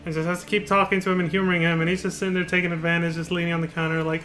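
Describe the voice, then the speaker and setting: A man's voice: on the high side, flat delivery, racing, pushed and bright, soft background music. A man streaming a video game live, chatting casually and cursing often. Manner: casual, profane, laughs often.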